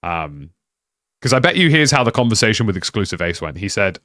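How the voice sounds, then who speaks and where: A man's voice: fairly low pitch, sing-song, brisk, bright, forceful tone, no echo, studio quality. A young British man chatting casually on a live stream, rambling with lots of "like" and restarts. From United Kingdom.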